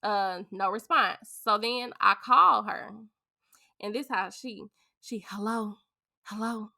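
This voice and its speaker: Gravelly, bright-toned woman telling a story. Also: medium pitch, slow pace. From St. Louis, USA. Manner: animated, chatty storytelling. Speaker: podcast guest, beauty business owner. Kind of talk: casual storytelling.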